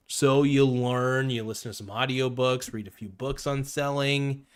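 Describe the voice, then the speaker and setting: A man hosting a podcast in casual chat, blunt and animated, swearing freely. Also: medium pitch, measured pace, clear, resonant tone, dry recording, studio quality. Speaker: podcast host.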